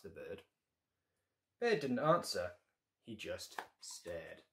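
A man's voice: deep voice, big pitch swings, takes it slowly, a bit bright, a little hiss or hum. A man reading his picture book aloud to children, with playful asides to young listeners.

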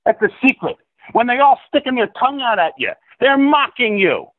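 A guest on a call-in interview delivers a conspiracy rant, profane, insistent, and lecturing. The man's voice is very high-pitched and very animated, a little fast, with no room sound, coming through tinny phone-line audio.

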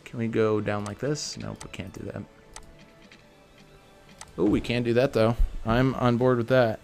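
A man's voice: mid-range voice, steady tone, measured pace, vocal fry, a little mellow, soft background music. A man giving casual gameplay commentary for a building tutorial, chatting to viewers and thinking aloud as he corrects himself. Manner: chatty, talks to viewers as "guys". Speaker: video game tutorial creator.

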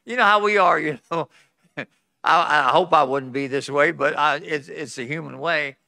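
A man preaching a revival sermon at a conference, swinging from loud pleading to hushed tones, with folksy chuckles between phrases. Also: a little high, normal speed, gravelly, no room sound, clean studio sound. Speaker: pastor. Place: conference hall.

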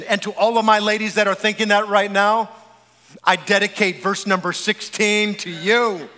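A male pastor preaching a sermon to his congregation, animated and joking, talking straight to the people in the room. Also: high-pitched, normal speed. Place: church sanctuary. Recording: long church-hall reverb.

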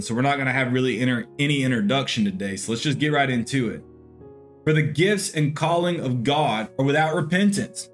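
A man, a pastor, teaching a Bible lesson in an earnest, conversational way. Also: medium pitch. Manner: earnest, conversational, with frequent "you know".

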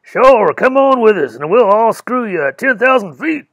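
A man voicing a boisterous young male poet with a loud, booming, teasing manner in an audiobook reading. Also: big pitch swings, moderate pace, breathy edge, no room sound, full character voice.

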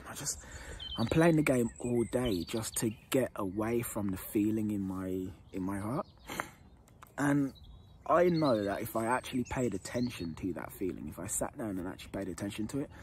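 A man working as a dating coach, telling his own story to camera in a candid, earnest way. He repeats phrases for emphasis and sometimes drops to a hushed tone. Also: lowish voice, slight background noise.

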